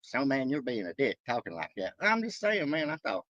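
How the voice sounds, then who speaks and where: Excitable, lively-voiced trucker man rambling. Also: medium pitch, brisk, no echo, muffled recording. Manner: rambling, excitable, loose and profane, shouting out viewers. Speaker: trucker live-streaming to viewers. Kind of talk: casual rambling livestream chat. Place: truck stop.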